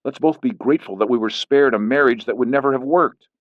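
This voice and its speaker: Man voicing a firm man, measured, defensive, dry lo-fi sound. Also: medium pitch, no room sound, voice pushed up, lightly acted. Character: firm middle-aged man, a lawyer. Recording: dull lo-fi recording.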